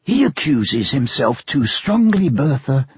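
A man's voice: medium pitch, big pitch swings, unhurried, husky, no room sound, highs cut off, heavily acted. A man reading an audiobook, voicing a kind young wife who speaks in a soothing way. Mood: reassuring.

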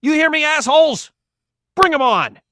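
A man voicing a furious male homeowner who yells and swears explosively. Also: very high voice, animated, moderate pace, no echo, clean studio sound, voice pushed up. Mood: enraged.

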